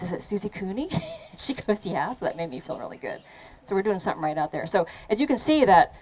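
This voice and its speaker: A woman fitness trainer running a lively training demo for a crowd at an outdoor event, encouraging and laughing often. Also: lowish voice, slight background noise, low-quality recording.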